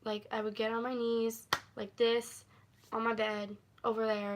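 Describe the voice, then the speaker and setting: A woman with a voice pitched a little high, telling stories in a loose, rambling way on a livestream. She giggles between thoughts and leans on fillers. The delivery is casual story-time chat. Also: flat delivery, measured pace. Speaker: livestream host.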